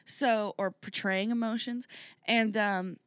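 A woman's voice: medium pitch, fairly even intonation, takes it slowly, a bit bright, clean tone, no echo. A young woman co-hosting a casual podcast, rambling with lots of fillers and swearing freely. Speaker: podcast co-host. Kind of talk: casual chat.

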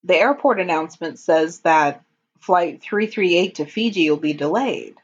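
A woman's voice: fairly low pitch, animated, moderate pace, husky, dull audio. A woman in casual chat, recapping a TV episode. She is chatty, laughs often and reads out lines in passing. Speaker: podcast co-host recapping a TV episode.

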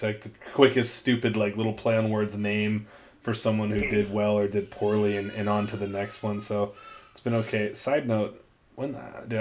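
A young man hosts a casual podcast, telling rambling stories with plenty of laughter and casual swearing. His voice sits fairly low. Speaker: podcast host.

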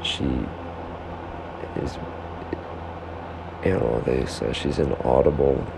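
A man's voice: extremely low pitch, steady tone, slow pace, vocal fry. A man hosting a solo podcast at home, rambling to himself in a self-interrupting monologue, heckling himself as he goes. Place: home room with a fan. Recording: background fan hum.

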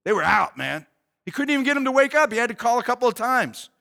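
A man's voice: extremely high pitch, very animated, fast talker, vocal fry, sharp tone. A man preacher retelling a Bible story in a casual, slangy, conversational way with asides.

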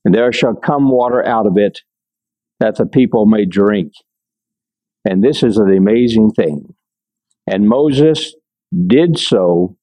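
An older man giving a conversational Bible lesson, reading scripture aloud and breaking off to explain it, with frequent pauses and check-ins with his listeners. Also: mid-range voice, warm tone, poor audio. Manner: many fillers and restarts, checks in with listeners. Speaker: Bible teacher.

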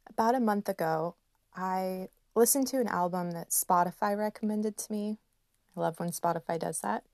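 A woman in her thirties hosting a podcast, speaking in a slow, gentle and emotional personal reflection with soft laughs. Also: mid-range voice, no echo, clean studio sound. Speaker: podcast host.

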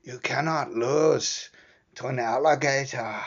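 A New Zealand man putting on a mock Irish accent to voice a rowdy male fight fan, slow and emphatic. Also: medium pitch, gravelly, pitched above the performer's own voice. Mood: insistent. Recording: dull lo-fi sound.

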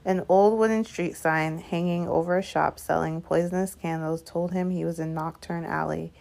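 Female audiobook reader; steady storytelling, low register, gravelly texture. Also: normal speed. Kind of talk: scripted narration.

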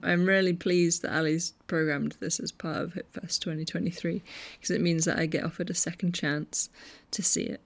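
A woman presenting a podcast as a festival's online coordinator, chatting casually and enthusiastically and often laughing. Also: on the low side.

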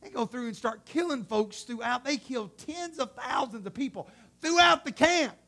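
A man preaching a sermon in a dramatic, colloquial way, swinging from loud outbursts to hushed tones. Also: extremely high pitch, animated, normal speed, gravelly. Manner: colloquial, acts out God's voice.

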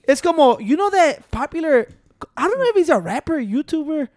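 Woman, casual podcast chat, a little higher voice, swears a lot, mixes in Spanish, dry close sound. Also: big pitch swings, a little fast, a little mellow, dry recording. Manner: switches between English and Spanish, swears freely.

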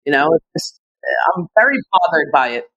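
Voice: medium pitch, sing-song, fairly quick, a bit bright, dull audio. A podcast co-host giving opinionated, ranting commentary in casual chat.

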